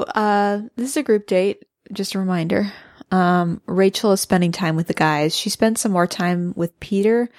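A woman's voice: on the low side, dry recording, clean studio sound. A woman co-hosting a podcast, casually recapping a reality show episode. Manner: relaxed, recapping with fillers and laughs. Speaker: podcast co-host.

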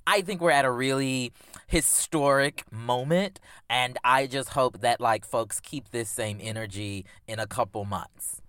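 Earnest podcast guest, measured and reflective, smooth clear voice, dry close sound. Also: mid-range voice, a bit bright, no echo. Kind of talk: casual podcast conversation.

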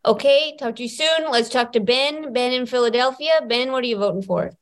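A woman's voice: a little high, brisk. Playful woman hosting a comedy call-in. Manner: playful, mock-exasperated. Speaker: podcast host. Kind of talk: comedic call-in game show banter.

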